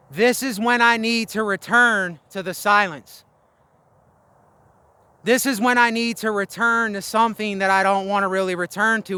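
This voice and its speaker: Breathless, bright-voiced man preaching uphill. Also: high voice, smooth, dry recording. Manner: preacherly, repeats phrases in cadence. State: tired and short of breath. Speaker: Christian video blogger. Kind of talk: impassioned spiritual monologue. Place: outdoors, walking uphill.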